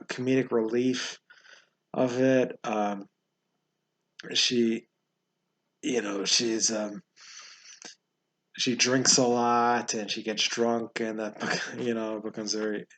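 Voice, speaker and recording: A man hosting a casual movie review, talking in a halting, rambling way with many fillers and frequent chuckles. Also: medium pitch. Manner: chuckles often while talking.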